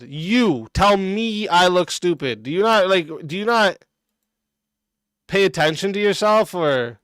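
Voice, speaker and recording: A man's voice: high-pitched, expressive, measured pace, fairly bright tone, smooth, no echo. A man streaming a reaction and ranting back at a clip, aggressive and mocking, cursing constantly. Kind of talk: profane reaction rant.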